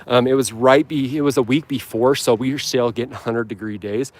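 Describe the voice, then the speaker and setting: A lawn care livestreamer from Utah chats casually outdoors on his lawn, filmed on a handheld phone camera. He rambles in an upbeat way with frequent ums and restarts. His medium-pitched voice is steady in tone and fairly quick.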